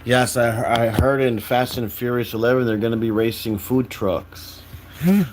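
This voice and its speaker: A man's voice: medium pitch, normal speed, very noisy. A young man chatting casually on a livestream, rambling and tired, filling his talk with "like" and restarts.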